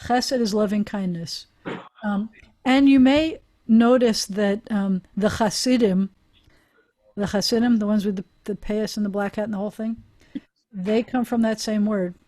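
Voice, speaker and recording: A woman's voice: medium pitch, fairly even intonation, moderate pace, warm tone. A woman rabbi teaching a Hebrew class over a video call, chatty and encouraging, often laughing with her students.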